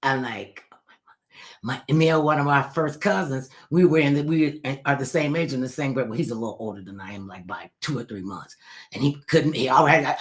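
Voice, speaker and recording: A middle-aged woman telling family stories in a casual monologue, animated, acting out quotes and swinging from loud to hushed. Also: very deep voice, fairly quick.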